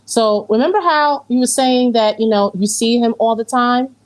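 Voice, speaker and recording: A woman's voice: a little high, normal speed, rough recording. A woman reading tarot, giving a psychic reading in a reassuring way and repeating phrases for emphasis. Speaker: tarot reader.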